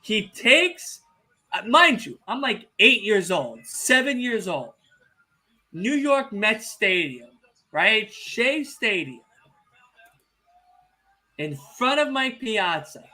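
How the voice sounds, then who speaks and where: A young man hosting a casual wrestling podcast watch-along, telling stories excitably, swearing freely and teasing the chat. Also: high voice, slow, long pauses, faint music behind. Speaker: podcast host.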